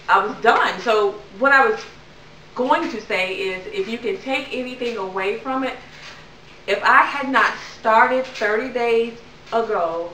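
A woman's voice: a little high, sharp tone, echoey room, distant mic, slight background noise, rough recording. A young woman vlogger chatting casually to camera, rambling with lots of ums.

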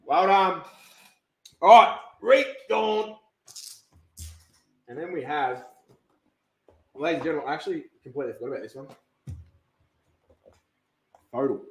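A young man giving hyped, swearing commentary while opening trading card packs, shouting at big pulls. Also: on the high side, a little fast, long pauses, slight background noise. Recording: roomy echo.

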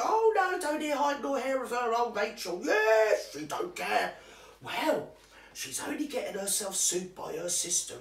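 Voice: medium pitch, distant mic. A performer playing a nosy, cheeky older woman who gossips about a friend, chatty and confiding. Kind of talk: comic character monologue to camera. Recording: roomy sound from away from the mic.

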